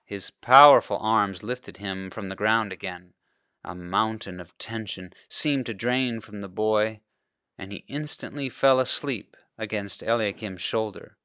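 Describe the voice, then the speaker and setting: A male pastor reading a children's storybook aloud, narrating in an expressive way. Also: lowish voice, measured pace, smooth, no room sound, studio quality.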